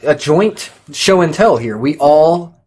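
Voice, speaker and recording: A man's voice: on the high side, animated, takes it slowly, a little mellow, breathy edge. A young man co-hosting a casual podcast chat, upbeat and steering the talk. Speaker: podcast co-host.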